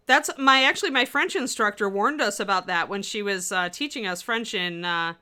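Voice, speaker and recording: This woman's mid-range voice is bright, forceful, clear and resonant, and her pace is moderate. Co-hosting a livestream about miniature painting, she answers viewers' comments in a chatty, rambling manner full of fillers.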